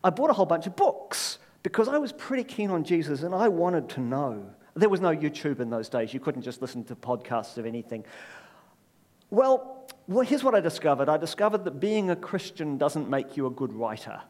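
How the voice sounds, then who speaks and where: Middle-aged New man, preacher; lively sermon delivery, voice slightly on the high side, wry asides. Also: normal speed. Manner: animated storyteller with wry self-deprecating asides.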